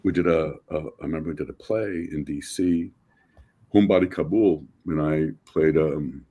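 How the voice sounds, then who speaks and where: A middle-aged American man, an actor guest, telling animated stories in a casual interview and acting out quotes with many restarts. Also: extremely low pitch, moderate pace, lo-fi sound. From United States.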